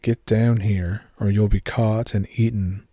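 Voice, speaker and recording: A sly, menacing male creature of the woods, put on by a man, rough and raspy, drawing out each word slowly. The voice sits low and mellow, and the sound is dry and close. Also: fairly even intonation, dry recording. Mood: stern.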